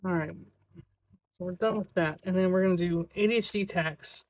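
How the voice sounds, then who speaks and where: Talking to themself as they count money, a budgeting video creator keeps things chatty in a casual vlog. Their mid-range voice sometimes takes on a drawn-out, sing-song quality.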